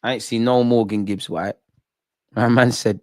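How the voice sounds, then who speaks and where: Excitable young football streamer. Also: male voice, medium pitch, normal speed, no echo, clean studio sound. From England. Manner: excitable, jokey, slangy, talks to chat. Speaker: football watch-along streamer. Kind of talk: live match watch-along banter.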